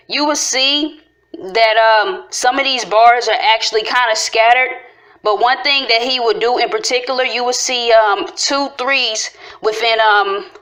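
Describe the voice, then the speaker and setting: A woman's voice: on the high side, a bit bright. A woman casually explaining rhyme patterns in a video, repeating and stretching syllables as she goes. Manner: talks through syllables slowly, repeating and stretching sounds.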